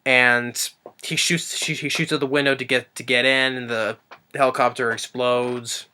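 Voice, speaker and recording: A man's voice: level tone, normal speed, pushed and bright, smooth. A man reviewing a movie off the cuff, rambling with lots of fillers and restarts. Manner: briefly acts out quotes in a higher voice.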